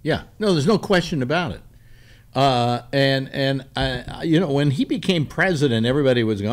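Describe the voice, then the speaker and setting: Man, talk show host, casual political chat, lively pitch, halting restarts. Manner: rambling, halting, many restarts.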